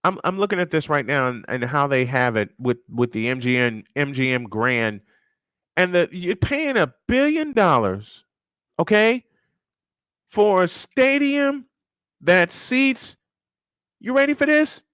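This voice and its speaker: A man's voice: medium pitch, big pitch swings, unhurried, pushed and bright, clean tone, no echo, studio quality. A man hosting a casual live-stream sports show, ranting and firing off rhetorical questions, repeating his points for emphasis.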